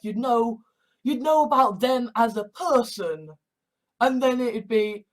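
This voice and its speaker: A woman's voice: a little high, takes it slowly, poor audio. Sweary woman ranting on camera. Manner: sweary, digressive, sarcastic. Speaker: YouTube creator. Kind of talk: ranting vlog monologue.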